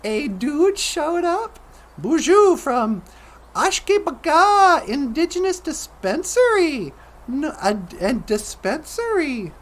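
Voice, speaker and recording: A woman's voice: high-pitched, sing-song, slow pace. A woman hosting a live-streamed show, greeting viewers by name and joking with them. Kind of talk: playful live-stream chat.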